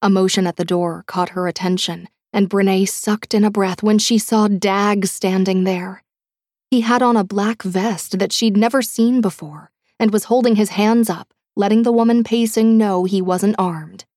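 A woman reading an audiobook in a measured, dramatic way, dropping to a hush at tense moments. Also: medium pitch, steady tone, no room sound, studio quality. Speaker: audiobook narrator. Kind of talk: scripted audiobook narration.

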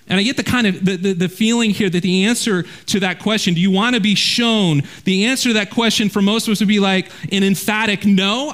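A man preaching a verse-by-verse sermon as a pastor, earnest and direct, often dropping low and quiet to drive a point home. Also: fairly even intonation, fairly quick, hardly any pauses. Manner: earnest preaching, drops low and quiet for emphasis, repeats words when restarting.

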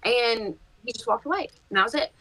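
Woman, podcast guest, casual storytelling, lively, swears a lot, bright tone. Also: on the high side, a little fast, no room sound, low-quality recording. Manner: lively, swears freely, laughs through stories.

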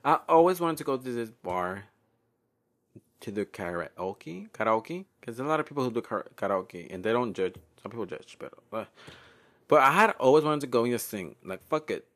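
A man's voice: mid-range voice, expressive, brisk, a bit bright. A young man hosting a casual solo podcast from home, rambling and profane, laughing often and slipping Spanish words in. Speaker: podcast host.

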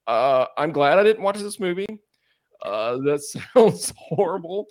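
A man co-hosting a casual movie podcast, reacting in an animated way with laughter and stammered restarts. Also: a little high, unhurried. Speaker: podcast co-host, composer. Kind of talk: casual chat about movies.

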